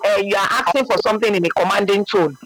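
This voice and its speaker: High-voiced man teaching earnestly. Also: quick pace, fairly bright tone, rough recording. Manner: earnest, emphatic, often asks "you understand?". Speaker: religious speaker. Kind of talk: conversational religious teaching.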